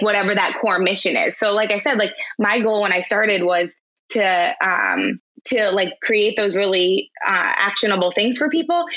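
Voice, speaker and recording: A woman's voice: medium pitch, a bit bright, highs cut off. A woman blogger talking as a podcast guest, chatty, with lots of fillers and restarts. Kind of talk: casual interview chat.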